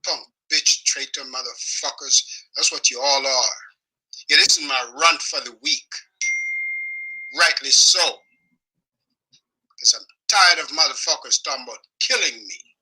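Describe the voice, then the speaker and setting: A man delivering an angry, profane weekly rant, swearing constantly and shouting in bursts. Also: mid-range voice, a little slow, pauses often, husky, poor audio. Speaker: video blogger.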